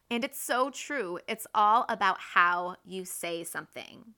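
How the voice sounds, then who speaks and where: A woman in her thirties hosting a casual, faith-based parenting talk, earnest and quick to act out her own everyday examples. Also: mid-range voice, sharp tone. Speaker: podcast host and mother.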